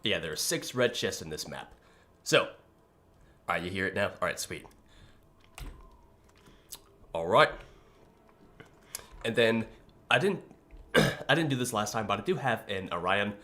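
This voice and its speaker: A young man with a somewhat low voice talks casually over his gameplay, sounding groggy as if just out of bed. He rambles easily and keeps pausing to clear his throat. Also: expressive, pushed and bright. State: groggy morning voice. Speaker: streamer. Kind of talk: casual live-stream chat.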